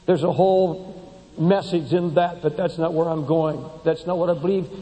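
A man preaching a sermon with passion, climbing to high emphatic peaks, then dropping low and slow, and repeating words as he builds. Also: fairly even intonation, mellow. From United States. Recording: long hall reverb.

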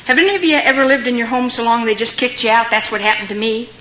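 A woman's voice: fairly high pitch, fairly even intonation, quick pace, bright, forceful tone. An older woman giving a personal testimony to an audience, telling stories and acting out the voices of the people in them. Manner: storytelling, acting out quoted voices. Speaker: speaker giving her testimony. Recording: dull lo-fi recording with faint noise.

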